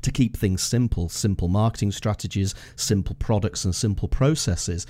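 A man in his fifties hosting a podcast, chatting in a relaxed, storytelling way with frequent restarts. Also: on the low side, moderate pace. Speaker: podcast host and marketing consultant. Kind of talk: casual conversational interview.

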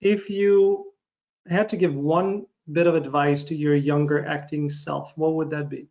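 A man with a somewhat high voice, whose first language is Russian, interviews an actor. He asks his questions in a friendly, unhurried way, stopping often on uhs and ums. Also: fairly even intonation, darkish tone. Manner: friendly, halting with fillers. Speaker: interviewer host. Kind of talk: casual interview conversation.

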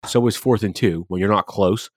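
A man's voice: lowish voice, normal speed, no room sound, clean studio sound. A man co-hosting a sports podcast, talking casually and animatedly, swearing freely as he rants about games. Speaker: podcast co-host.

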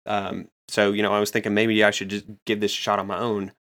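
A man's voice: fairly low pitch, level tone, fast talker, fairly bright tone. Rambling man in casual chat. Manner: enthusiastic, rambling, retells scenes with quoted voices. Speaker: podcast co-host. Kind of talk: casual chat recapping a manga.

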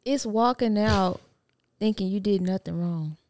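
A woman's voice: medium pitch, unhurried, darkish tone, no echo, clean studio sound. A woman chatting casually on a podcast, with short plain remarks. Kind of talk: casual chat.

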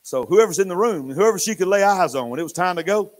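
High-voiced older preacher telling stories. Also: male voice, normal speed. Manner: animated, swinging from hushed to loud. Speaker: pastor. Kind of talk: sermon storytelling. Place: church.

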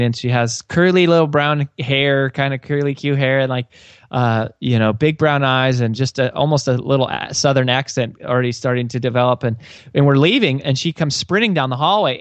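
A man's voice: mid-range voice, no room sound. A man, an author and sales coach, answering an interview in an earnest storytelling way, with many restarts. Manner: earnest, frequent restarts and fillers.

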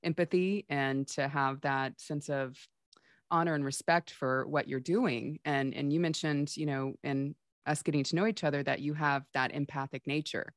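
A woman's voice: sits low, fairly even intonation, moderate pace, no room sound, clean studio sound. A woman hosting a podcast interview who affirms her guest and asks open questions. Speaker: podcast host.

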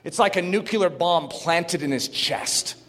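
A male preacher giving a sermon, reading quotes aloud with asides and building to fervent shouting. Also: on the high side, measured pace, long reverb tail.

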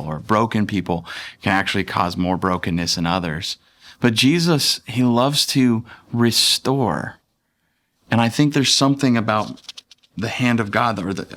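A man's voice: mid-range voice, fairly bright tone. A man in his thirties, a pastor, preaching a sermon in a conversational, playful way and acting out voices from the scripture.

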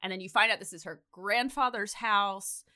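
A woman's voice: mid-range voice, moderate pace. A woman co-hosting a podcast, casually retelling a TV episode and acting out the characters as she goes. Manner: animated storyteller, acts out characters. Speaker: podcast co-host.

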